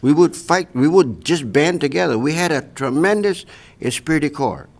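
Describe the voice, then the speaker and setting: A man's voice: a little high, animated, moderate pace. An older man from Hawaii, reminiscing in an oral history interview and tagging his points with "see". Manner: reflective storytelling, tags sentences with "see".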